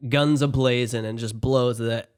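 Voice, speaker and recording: A man co-hosting a casual movie podcast, retelling scenes in an animated way and acting out the quotes. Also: medium pitch, measured pace, smooth. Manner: animated storyteller, acts out quotes. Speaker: podcast co-host.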